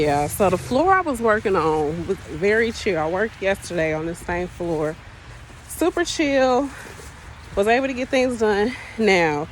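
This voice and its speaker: A woman's voice: mid-range voice, slight background noise, low-quality recording. A young woman, an agency nurse, vlogging casually and venting bluntly about her shift with plenty of cursing. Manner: chatty, venting, blunt and profane. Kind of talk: casual vlog storytelling. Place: outdoors in the rain by a street, then in a car.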